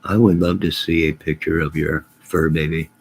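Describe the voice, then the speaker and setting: A middle-aged man with a very low, gravelly voice hosts a casual livestream and answers viewers. His tone is husky and rough at the edges. He rambles and jokes with a deadpan delivery, then breaks into sudden loud bursts. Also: moderate pace. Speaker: livestream host reading viewer comments.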